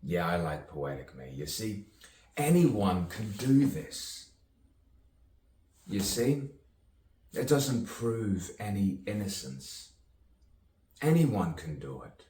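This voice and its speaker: A man's voice: low-pitched, sing-song, takes it slowly, darkish tone. A man rambling in a self-recorded monologue, musing and sardonic, asking himself questions and laughing at himself. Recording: echoey room, distant mic, faint background noise.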